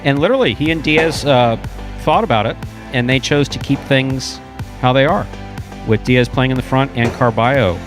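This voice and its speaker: A man's voice: mid-range voice, normal speed, over music. A man doing live jai-alai commentary, opinionated and teasing, calling the play with energy. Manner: opinionated, teasing, animated calls. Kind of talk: live sports commentary and banter.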